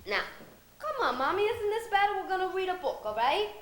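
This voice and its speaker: Woman acting out a gossipy older woman, scolding, very lively voice, echoey live stage. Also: very high-pitched. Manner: brash, scolding, quick-tempered. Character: loud gossipy older Puerto Rican woman minding a child. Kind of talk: one-woman stage comedy. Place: theater stage.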